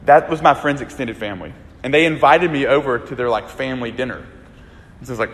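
A man's voice: fairly high pitch, fast talker. Man preaching in a reverberant hall. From small town in Alabama. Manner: conversational and animated, acting out voices in Bible stories and anecdotes. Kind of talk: sermon. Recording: long reverb of a large hall.

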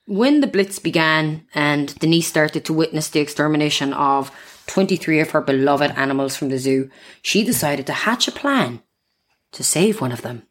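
A woman's voice: sits low, expressive, moderate pace. A woman co-hosting a casual history podcast, telling the story with giggles and frequent apologies. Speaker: podcast co-host.

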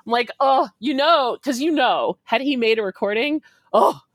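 A woman in her forties telling a story in an animated way, acting out quotes and laughing often. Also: fairly high pitch, normal speed, no room sound, studio quality. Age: 40s.

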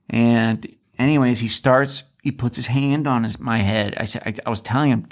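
A man's voice: mid-range voice, normal speed. A man co-hosting a podcast from Alaska, telling a personal story in casual chat and acting out what people said. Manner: animated storyteller, acts out quoted lines. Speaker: podcast co-host.

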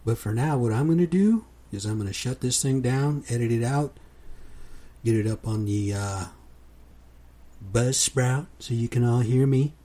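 Laid-back man with a dark husky voice. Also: mid-range voice, unhurried. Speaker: podcast host. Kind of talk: casual solo podcast monologue.

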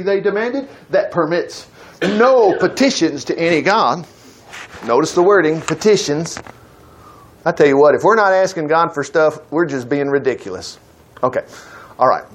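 A man preaching a sermon in a high, lifted voice. He talks in a folksy, animated way and breaks scripture into plain everyday speech. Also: rough recording.

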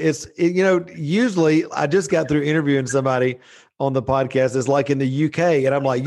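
A man's voice: medium pitch, fairly even intonation, fairly quick, a little mellow. A man hosting a faith-based podcast, talking earnestly and enthusiastically with frequent fillers. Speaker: podcast host. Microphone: remote video call.

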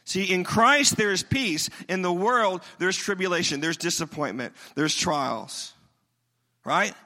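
A high, bright-voiced middle-aged man preaches in a casual, energetic way, joking along as he teaches. His voice carries a long reverb, as if spoken into a large church sanctuary. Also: slow pace. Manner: conversational, energetic preaching with humorous asides. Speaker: pastor. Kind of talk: sermon.

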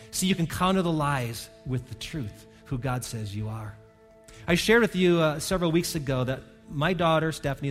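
A middle-aged man delivers a sermon as pastor, his slightly high voice moving from earnest to fervent. The sanctuary gives his words a long, ringing reverb. Faint music plays in the background. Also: fairly bright tone. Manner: earnest preaching that swells to fervent emphasis. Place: church sanctuary.

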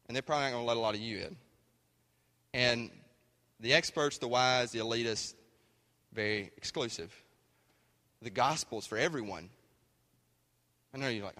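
A man's voice: medium pitch, moderate pace, pauses often, pushed and bright. A man preaching a sermon in a folksy, conversational way. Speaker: pastor. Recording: hall reverb.

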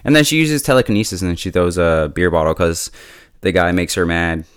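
A man casually recapping and reviewing a TV episode in a relaxed, chatty way, laughing often and filling his talk with "like". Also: deep voice, fairly quick, smooth, no echo, studio quality. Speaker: TV show reviewer.

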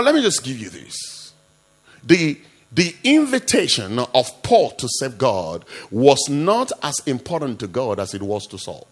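A male pastor preaching an impassioned sermon, jumping between quiet asides and loud rebukes full of rhetorical questions. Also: mid-range voice, slightly rough.

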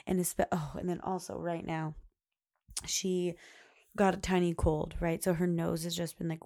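A woman's voice: fairly low pitch, vocal fry, dark tone. A young woman hosting a podcast, talking in a rambling, chatty way full of "like" and "you know". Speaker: podcast host. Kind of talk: casual chat.

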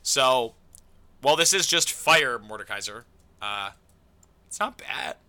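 A man hosting a casual podcast, talking in a loose, joking way full of fillers and playful asides. His voice is sharp and bright, and his pitch bounces around a lot. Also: animated, measured pace. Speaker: podcast host. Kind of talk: casual chat.

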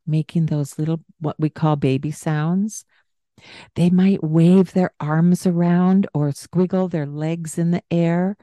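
Slow, low-voiced woman explaining. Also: mellow, dry recording. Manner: demonstrates high sing-song baby talk. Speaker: parenting podcast host. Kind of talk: casual explanatory chat.

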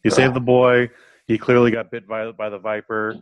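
A man casually chatting as a co-host, relaxed, adding plot details and film trivia. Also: mid-range voice, normal speed, lo-fi sound, noisy background. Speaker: podcast co-host. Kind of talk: casual chat.

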